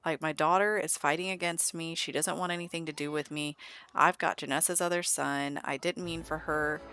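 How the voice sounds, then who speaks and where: A woman's voice: deep voice, steady tone, normal speed, sharp tone, a little hiss or hum. A woman voicing a sulky, self-pitying father in a life-sim game, whining and protesting. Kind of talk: game character voice-over.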